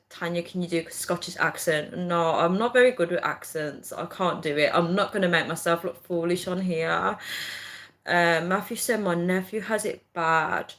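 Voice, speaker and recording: A young woman with a Birmingham accent chatting on a livestream, reading viewers' comments aloud and answering them in a casual, filler-heavy way. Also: on the low side. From England. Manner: chatty, warm-hearted, lots of fillers. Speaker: livestream host.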